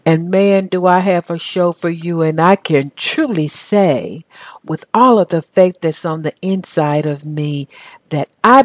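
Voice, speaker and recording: A woman's voice: low voice, dry recording. A woman with a Southern US accent hosting a radio talk show, speaking with enthusiastic, faith-filled conviction.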